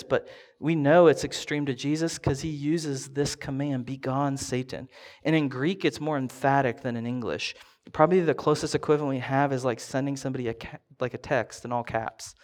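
Man preaching a casual, conversational sermon. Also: mid-range voice. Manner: conversational, acts out quoted voices. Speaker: pastor.

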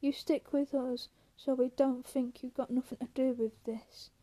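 A woman's voice: sits high, little pitch movement, measured pace, warm tone. A woman reading as a furious young ranch hand. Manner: furious, barking threats. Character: angry hot-headed young ranch man.

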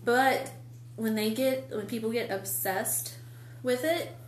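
A high-voiced woman rants in exasperation on a casual podcast, swearing as she goes. The room is echoey, with a faint hum underneath. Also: fairly even intonation, takes it slowly. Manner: heated, exasperated ranting, swears. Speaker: podcast co-host. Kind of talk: casual chat.

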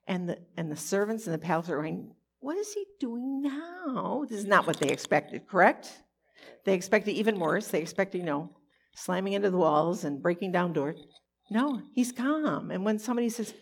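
Husky-voiced woman teaching a Bible lesson. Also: lowish voice. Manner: peppers the telling with rhetorical questions to listeners; animated and expressive.

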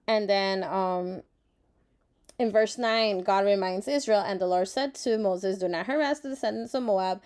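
A woman's voice: medium pitch, a little slow, a little mellow. A woman giving a casual Bible devotional reading, reflective and earnest, with many fillers, who talks openly about feeling emotional and grateful. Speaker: Bible study vlogger.

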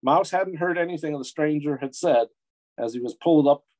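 A middle-aged man from Detroit reading his own fantasy story aloud in a measured storytelling way. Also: fairly high pitch, darkish tone, low-quality recording. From Metro Detroit, USA. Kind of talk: audiobook-style fiction reading.

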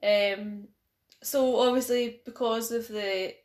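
A woman's voice: on the high side, steady tone, takes it slowly, darkish tone. A Scottish woman chatting casually on a podcast, retelling a film plot with lots of fillers and hedges. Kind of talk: casual chat. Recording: echoey room.

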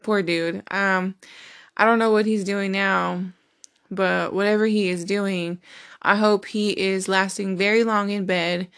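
A woman's voice: medium pitch, steady tone, measured pace, a bit bright. A young woman hosting a podcast, telling dating stories in a candid, profane, laughing manner. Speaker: podcast host. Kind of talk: casual storytelling monologue.

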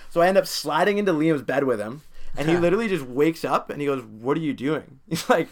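A young man in casual podcast chat, telling a story in an animated, chatty way with lots of filler words. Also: on the high side, fast talker. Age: young adult.

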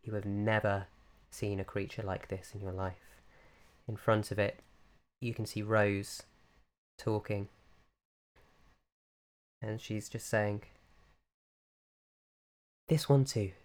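A man running a tabletop game as game master, narrating scenes in a descriptive, unhurried way with frequent fillers. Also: lowish voice, monotone.

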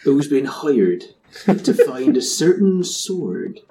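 A man's voice: very animated, mellow. A man voicing a shifty hooded male informant with a hammy West Country drawl, sly and nervous in a tabletop game. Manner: wheedling, flusters into high rapid denials.

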